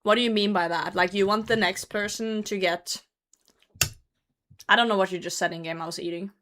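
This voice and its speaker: A woman's voice: mid-range voice, fairly even intonation, a little fast, a bit bright. A young woman streaming from her computer at home, chatting casually with her viewers and laughing often as she hosts a hide-and-seek game. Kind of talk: casual live-stream chat.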